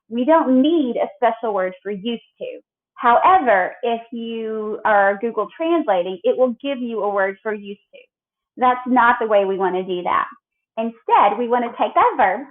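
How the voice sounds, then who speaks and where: Tinny-sounding woman teaching a lesson. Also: fairly high pitch. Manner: clear, patient explaining with drilled conjugations. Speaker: Spanish teacher. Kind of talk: recorded grammar lesson. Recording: tinny phone-like audio.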